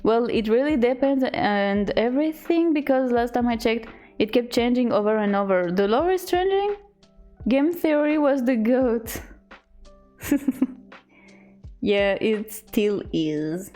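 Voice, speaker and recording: A young woman streamer in casual chat, reading out chat messages in a halting, giggly way. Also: fairly high pitch, lively intonation, mellow, faint music behind.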